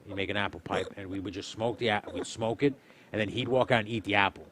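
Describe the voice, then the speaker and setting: A young man casually telling a story on a stream, swearing often and loudly acting out what people said. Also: on the low side, fast talker, slight background noise. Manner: animated, swearing, acts out quotes loudly. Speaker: streamer, host.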